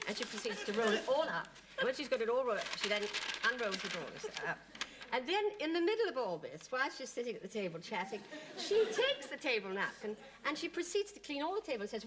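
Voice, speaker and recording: A woman guest on a TV chat show, telling animated anecdotes and laughing often. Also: fairly high pitch, fast, few pauses, a loud crowd, very noisy. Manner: giggly, animated storytelling with frequent laughs. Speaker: guest impressionist. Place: TV studio.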